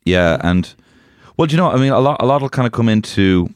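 A man's voice: on the low side, lively intonation, quick pace, smooth, dry recording, clean studio sound. A young man co-hosting a podcast, with crude, teasing banter in casual chat. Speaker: podcast co-host.

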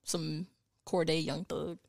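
A man's voice: fairly high pitch, level tone, slow pace, vocal fry, darkish tone, no echo, studio quality. A man co-hosting a podcast, teasing and playful in casual chat. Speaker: podcast co-host.

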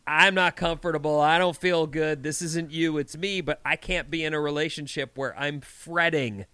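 A man's voice: a little high, moderate pace, bright, forceful tone, clean tone, no room sound. A man co-hosting a casual radio show chat, asking the others questions. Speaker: co-host.

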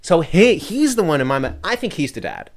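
Young male podcast co-host, animated delivery, casual and chatty, phone mic. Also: fairly high pitch, a little fast. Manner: chatty, laughs often, lively. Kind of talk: casual chat about a film.

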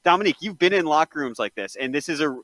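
A man's voice: on the high side, expressive, fast, fairly bright tone, no echo. A man hosting a sports podcast, asking serious questions in an earnest, apologetic way. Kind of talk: casual sports chat.

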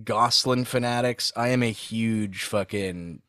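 A man's voice: fairly low pitch, takes it slowly, smooth, no room sound, studio quality. A man co-hosting a comedy podcast, making crude, blunt remarks in casual banter. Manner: crude, blunt, deadpan interjections. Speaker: podcast co-host.

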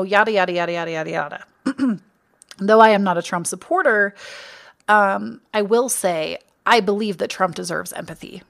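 A woman's voice: medium pitch, creaky. A young adult woman hosting her own podcast, talking casually and earnestly about empathy, reflective and conversational. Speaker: podcast host. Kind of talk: casual solo podcast talk.

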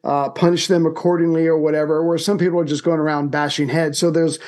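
A man's voice: fairly high pitch, little pitch movement, darkish tone. A man in his fifties co-hosting a history podcast, talking casually and chiming in. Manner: chiming in, quick interjections. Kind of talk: casual conversational chat.

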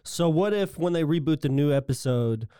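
A man's voice: on the high side, lively intonation, moderate pace, warm tone, clean tone, no room sound, clean studio sound. A man co-hosting a podcast, chatting casually and joking, tossing in wild theories about the show. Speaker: podcast co-host. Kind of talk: casual recap chat.

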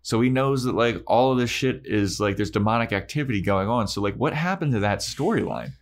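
A man co-hosting a podcast, casually retelling an episode's scenes and acting out the characters' lines. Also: medium pitch. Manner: storytelling, acting out lines in quick snippets. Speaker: podcast co-host. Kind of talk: casual chat recapping an episode.

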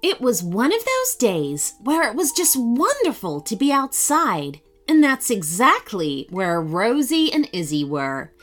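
A woman's voice: on the high side, huge pitch swings, measured pace, hardly any pauses, a bit bright. Lilting woman reading children's stories. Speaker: podcast host and storyteller. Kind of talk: children's story narration.

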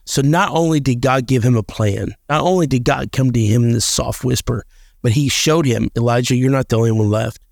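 A man's voice: medium pitch, a little fast, vocal fry, darkish tone, no room sound, clean studio sound. A man co-hosting a podcast, talking earnestly about faith and reading scripture aloud, often repeating and restarting his words. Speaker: podcast co-host.

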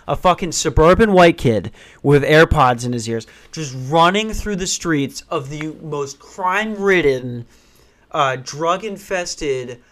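A man telling a funny personal story in casual, profane, animated style. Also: on the high side. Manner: profane, animated, acts out voices, rushes when excited.

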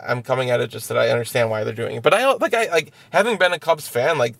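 A man with a gravelly voice talks in a halting way, restarting his sentences again and again as he weighs his points. The chat is a casual sports podcast. He is recorded inside a parked vehicle outside an arena. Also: medium pitch, fairly bright tone, no echo. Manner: halting, many stammered restarts. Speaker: podcast co-host.

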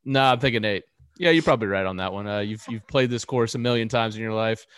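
A man's voice: lowish voice, fast, smooth, dry recording. Matter-of-fact young male co-host, dry sound. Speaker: podcast co-host. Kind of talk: casual chat.

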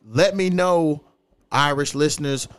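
A man in his thirties, hosting a casual podcast and talking in a profane, animated way with frequent laughs. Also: on the high side, measured pace, clean tone. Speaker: podcast host.

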